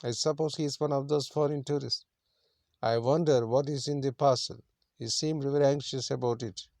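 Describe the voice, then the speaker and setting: A man's voice: medium pitch, fairly even intonation, normal speed, gravelly, darkish tone, no echo, studio quality, natural voice. A man voicing a reassuring post office assistant in a plain reading voice.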